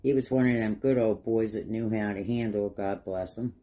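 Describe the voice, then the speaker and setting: With a lowish, dark-toned voice at normal speed, this middle-aged man chuckles through folksy, meandering stories as he paints a craft piece for his vlog. It's casual storytelling while he works.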